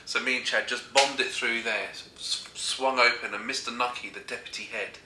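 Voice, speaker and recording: Guy, comic storyteller, keeps cracking up, very bright voice, echoey room. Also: mid-range voice, fairly even intonation, normal speed, slight background noise. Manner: giggly, keeps breaking into laughter.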